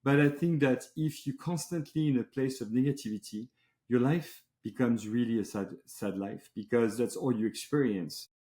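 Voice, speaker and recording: A man hosting a podcast in casual chat, telling stories in a relaxed way with long run-on lists. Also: medium pitch, moderate pace, echoey room. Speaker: podcast host.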